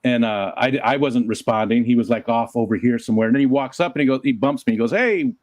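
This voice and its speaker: A man's voice: mid-range voice, fast, no room sound. A man co-hosting a casual chat, joking and acting out the lines of people in his stories. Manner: expressive, jokey, acts out quotes.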